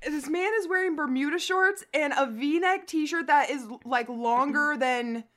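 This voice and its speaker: A woman's voice: high voice, measured pace, fairly bright tone. A woman co-hosting a podcast in casual chat, teasing and laughing often. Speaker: podcast co-host.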